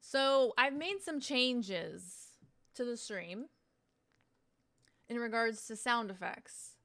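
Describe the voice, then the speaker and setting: A woman's voice: fairly high pitch, expressive, slow, fairly bright tone. A woman streaming on Twitch, chatting casually as she sets up, rambling, swearing freely and poking fun at herself.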